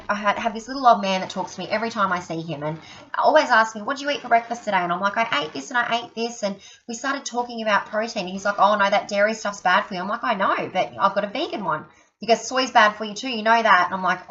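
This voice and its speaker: A woman's voice: medium pitch, fairly bright tone. A woman giving a chatty training talk to fellow sales consultants, acting out the people in her stories. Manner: chatty storyteller, acts out quotes, many "okay?" asides. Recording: dull lo-fi recording.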